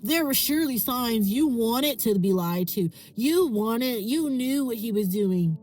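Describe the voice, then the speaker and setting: A woman voicing a judgmental accuser who slowly interrogates and scolds. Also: a little high, expressive, a little mellow, faint music behind. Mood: accusing.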